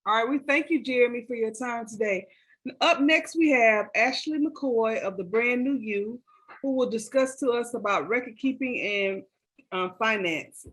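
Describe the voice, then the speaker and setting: A woman with a somewhat high, breathy voice, keeping a meeting moving. She reads out questions and introduces speakers in a brief, practical way. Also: moderate pace, a bit bright, low-quality recording. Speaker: meetup moderator. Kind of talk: moderating an online meetup.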